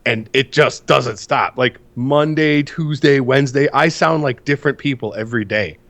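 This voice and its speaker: A man's voice: medium pitch, moderate pace. Ranting, foul-mouthed man. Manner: profane, ranting, animated storytelling. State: congested from sinus issues. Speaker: podcast co-host. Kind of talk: casual podcast chat.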